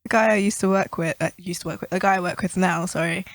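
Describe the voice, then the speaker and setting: A woman hosting a podcast, casual and playful with quick teasing quips. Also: fairly low pitch, steady tone, no room sound. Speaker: podcast host. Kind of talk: casual chat.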